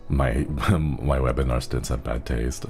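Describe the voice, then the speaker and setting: Very deep gravelly man, easygoing streamer. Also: a little mellow. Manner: rambling, chuckles often, thanks viewers. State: resting a strained throat. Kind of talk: casual gaming stream chat.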